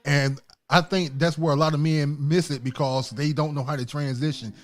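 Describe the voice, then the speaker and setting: A man co-hosting a podcast who tells stories in a lively way and laughs easily. His voice sits a little high. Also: moderate pace. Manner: lively storytelling, laughs often. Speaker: podcast co-host. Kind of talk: casual chat.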